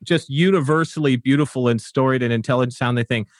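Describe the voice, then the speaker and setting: An American man hosting a podcast, chatty and joking, quick to laugh. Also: medium pitch, dry recording, studio quality. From United States. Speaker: podcast host. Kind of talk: casual podcast chat.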